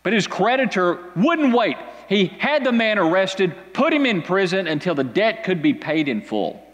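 Animated male preacher in a reverberant hall. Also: normal speed. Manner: animated, dramatic storytelling with big pitch swings. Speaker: pastor. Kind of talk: sermon. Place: church hall with an audience.

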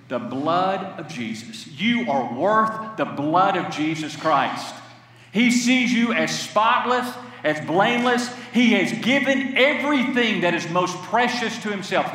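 A man's voice: sits high, bright, forceful tone. A man preaching an impassioned sermon in a large church. He repeats lines and has the congregation say them back to him. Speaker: pastor. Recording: echoey hall, heard from far off.

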